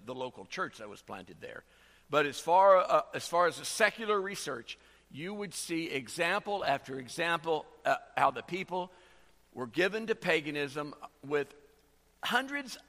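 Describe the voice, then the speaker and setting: A man preaching a sermon as pastor, halting with many fillers and restarts as he explains a verse. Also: a little high, gravelly, pushed and bright, in a large hall.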